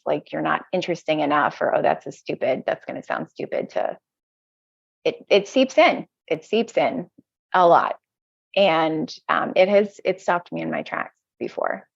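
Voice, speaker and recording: A woman with a low, gravelly voice talks through her thoughts haltingly, often circling back and restarting. The audio is dry and a bit dull, with the top end muffled. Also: dry recording. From United States. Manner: hesitant, self-searching, frequent restarts. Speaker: podcast guest. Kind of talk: reflective conversational interview.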